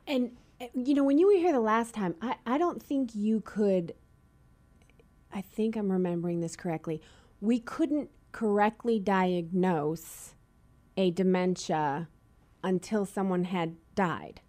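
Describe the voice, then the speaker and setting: A woman's voice: mid-range voice, unhurried, mellow. A woman with a Boston accent hosting a radio interview show in a friendly, chatty way.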